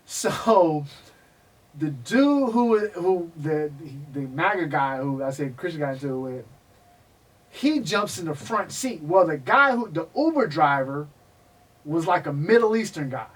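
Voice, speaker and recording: A man telling stories in a casual interview, animated and profane, acting out the people he quotes. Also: a little high, a little slow, distant mic, poor audio. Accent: Texan. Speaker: guest, MMA historian.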